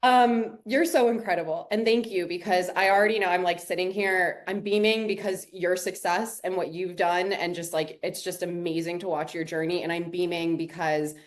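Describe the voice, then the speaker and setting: Lower-voiced woman coach, encouraging. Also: fairly even intonation, moderate pace, few pauses. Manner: encouraging and affirming. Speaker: program coach and interview host. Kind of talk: warm supportive interview talk.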